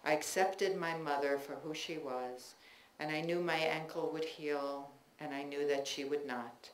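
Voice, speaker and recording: A woman writer reading her memoir aloud at a live bookstore event, wry and expressive, laughing through the funny parts. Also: low-pitched, measured pace. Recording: roomy bookstore with faint noise.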